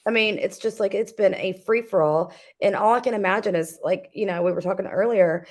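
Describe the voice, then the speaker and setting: A woman in the middle of a casual commentary chat, talking in a snarky, loose way. Her voice sits at an ordinary pitch for a woman. She pads her sentences with likes and ums. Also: a little fast. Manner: snarky, conversational, many fillers. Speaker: co-host.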